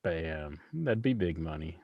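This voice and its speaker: A man's voice: very deep voice, lively intonation, measured pace, creaky, no room sound, muffled recording. A man co-hosting a casual wrestling podcast, laid-back and agreeable. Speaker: podcast co-host.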